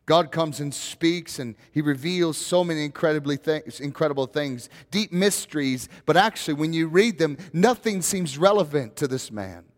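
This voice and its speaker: A man's voice: a little high, expressive, normal speed, few pauses, long reverb tail. A male pastor preaching a sermon in a conversational way, building to rising, emphatic questions.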